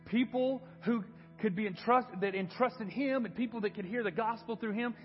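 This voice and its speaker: A man's voice: sits high, normal speed, in a large hall, muffled recording, soft background music. A man preaching a sermon in a church and sharing an earnest personal testimony. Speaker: pastor. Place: church sanctuary.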